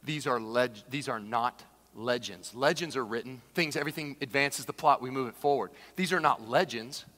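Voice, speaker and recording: A man preaching a sermon, who swings from shouted, acted-out quotes down to hushed, slow asides. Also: medium pitch. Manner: animated preacher, shouts dramatized quotes, then drops to a hush. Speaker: pastor. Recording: long hall reverb.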